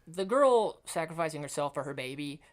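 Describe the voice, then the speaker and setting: Low-voiced woman in casual podcast chat. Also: fairly quick. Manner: animated, acts out scenes she retells. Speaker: podcast co-host.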